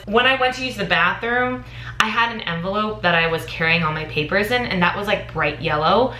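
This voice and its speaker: A young American woman in her twenties vlogging, telling a story with animated, dramatic energy. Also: mid-range voice, brisk, slight background noise. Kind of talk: casual storytime vlog. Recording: echoey room.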